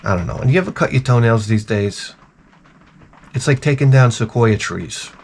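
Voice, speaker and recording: A man's voice: mid-range voice, lively intonation, moderate pace, vocal fry, a little mellow, slightly rough. Profane rambling man ranting. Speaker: retro gaming channel host. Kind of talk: casual comedic rant.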